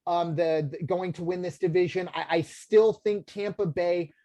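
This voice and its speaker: A man's voice: sits high, fairly even intonation, moderate pace, mellow, no echo. Casting: American male podcast co-host, loose rambly sports talk, lots of "um" and restarts, dry close mic. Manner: rambling, filler-heavy, many restarts.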